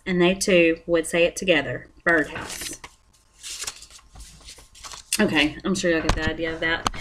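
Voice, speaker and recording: A woman's voice: fairly low pitch, fairly bright tone, a little hiss or hum. Apologetic young woman demonstrating a lesson. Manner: apologetic, chatty, explains step by step. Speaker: student teacher presenting a lesson plan.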